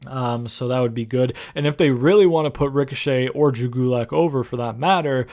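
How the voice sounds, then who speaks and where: A man's voice: mid-range voice, a little fast, darkish tone. A young man in his twenties casually recapping and reviewing a wrestling show, rambling loosely with lots of fillers and the odd swear.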